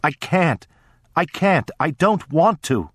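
A troubled young boy, anxious and close to tears, his voice lifted high and pleading in halting bursts, as a male narrator puts him on. Dry, close recording with no room sound. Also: lively intonation, a bit bright, no echo. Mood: tearful.

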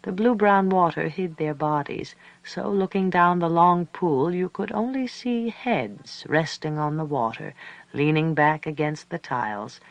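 A man narrating a story aloud in a calm, measured, reflective way. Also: on the high side, gravelly, no room sound, dull audio. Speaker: audiobook narrator. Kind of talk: scripted narration.

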